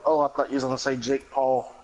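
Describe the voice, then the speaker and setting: A man's voice: mid-range voice, level tone, fast talker, a little mellow, a little hiss or hum, rough recording. A man chatting with a friend on a gaming stream, with blunt and profane banter. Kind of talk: casual chat while gaming.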